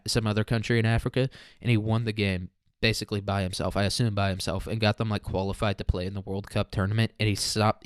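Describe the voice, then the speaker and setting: A man's voice: on the low side, clean tone, no room sound, clean studio sound. A young man hosting a casual solo podcast, rambling, profane and jokey. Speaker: podcast host.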